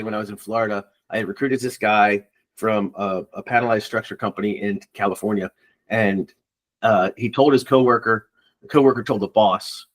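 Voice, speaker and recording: A man's voice: fairly low pitch, a bit bright. A man who is a recruiter, chatting casually and bluntly, swearing and acting out phone calls. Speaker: recruiter guest. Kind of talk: casual podcast chat.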